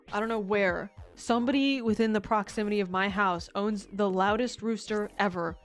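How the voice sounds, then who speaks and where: A young woman streamer in a casual chat, talking freely, swearing and laughing often. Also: fairly high pitch.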